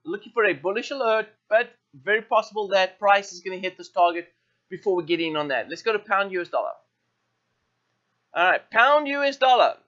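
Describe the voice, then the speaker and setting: A man hosting a live trading show, thinking aloud through currency charts with many fillers and quick self-corrections. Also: high-pitched, sharp tone, highs cut off. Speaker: forex trading show host. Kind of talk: live market walkthrough.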